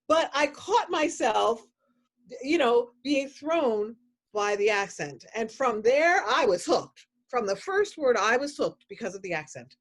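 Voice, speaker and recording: A woman moderating a virtual film panel, animated and quick to laugh. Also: fairly high pitch.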